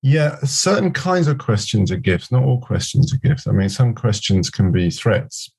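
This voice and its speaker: Middle-aged guy on a podcast, gravelly and husky, thinks out loud with little stories. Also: medium pitch, sing-song, moderate pace. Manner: reflective, uses anecdotes and quoted dialogue. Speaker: podcast guest, scrum master. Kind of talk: conversational interview.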